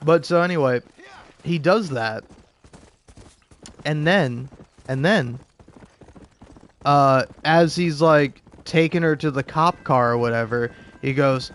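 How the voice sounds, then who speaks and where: A man's voice: mid-range voice, measured pace, long pauses. A young man streaming a game, rambling in casual chat with lots of fillers and restarts, sarcastic and profane.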